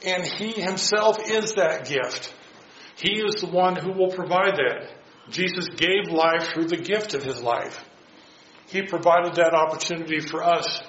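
Man leading a Bible study, voice a bit high, asks the group questions; roomy, muffled sound. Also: fairly bright tone, slight background noise. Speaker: Bible class teacher. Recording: dull echoey room recording.

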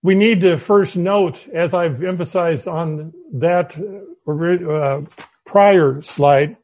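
A man's voice: on the high side, darkish tone. Man teaching a Bible study, lo-fi. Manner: measured, quoting scripture at length. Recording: muffled lo-fi audio.

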